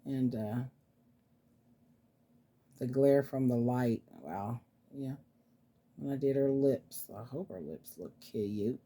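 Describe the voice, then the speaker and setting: A woman vlogger shows off her reborn dolls, chatting casually and cooing to them. Her voice rumbles low and mellow, and she takes her time, pausing often.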